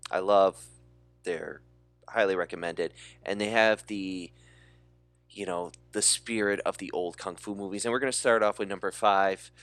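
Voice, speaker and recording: A man's voice: low voice, fairly bright tone, no room sound. A man co-hosting a movie podcast, talking enthusiastically and rambling with fillers. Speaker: podcast co-host. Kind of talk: casual movie chat.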